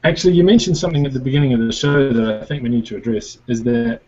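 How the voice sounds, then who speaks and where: A man's voice: medium pitch, quick pace, a little mellow, lo-fi sound. A man co-hosting an online show, announcing results in an upbeat, casual way. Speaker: co-host. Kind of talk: casual video call chat.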